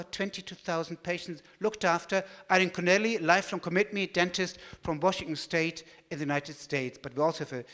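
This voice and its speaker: A man with a German accent telling a story as he gives a talk, lively and animated. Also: fairly high pitch, in a large hall. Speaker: speaker giving a talk.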